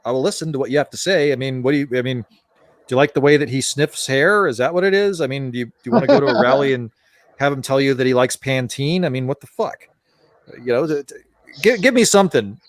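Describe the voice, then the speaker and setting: A man's voice: mid-range voice, expressive, fast talker, no echo. Guy ranting on a podcast, fed up, swears a lot, dry close mic. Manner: ranting, exasperated, swears freely. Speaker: podcast host. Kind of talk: casual opinionated chat.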